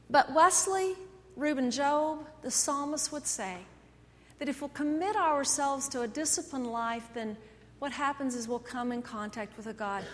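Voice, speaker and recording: Woman pastor, high-pitched, animated storyteller; recorded in a reverberant sanctuary. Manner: animated storytelling, swings between loud and soft. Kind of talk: sermon. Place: church sanctuary. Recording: echoey church hall.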